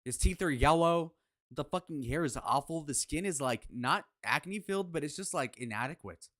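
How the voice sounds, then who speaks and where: A man's voice: on the high side, lively intonation, moderate pace, a bit bright, no echo, studio quality. A man hosting a live reaction stream, talking in a brash, crude, mocking way. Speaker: livestream reaction host. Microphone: headphones on, desk mic.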